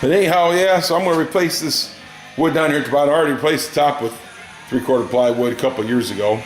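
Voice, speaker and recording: A man's voice: a little high, fast, echoey room, faint music behind. A middle-aged man chatting casually and rambling through a story in his home garage, folksy and drawling. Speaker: garage hobbyist vlogger. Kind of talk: casual workshop chat.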